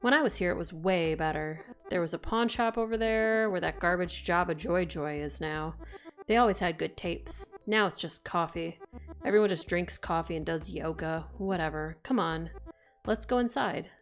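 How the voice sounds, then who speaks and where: A woman's voice: lowish voice, normal speed, faint music behind, lightly acted. A woman voicing a sarcastic nonbinary ghost in a game, talking in a dismissive, grumbling way about their old neighborhood. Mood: coaxing.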